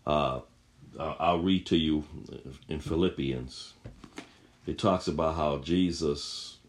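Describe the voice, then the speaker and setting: A man's voice: rumbling low, darkish tone. A man preaching a sermon, reading scripture aloud and repeating phrases with rising emphasis.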